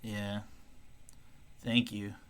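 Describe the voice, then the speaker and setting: A man's voice: fairly low pitch, drawn-out words, clear, resonant tone. A man co-hosting a podcast, trading crude, profane jokes and laughing at himself. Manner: profane, animated, self-mocking. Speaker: podcast co-host. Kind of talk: crude comedic banter.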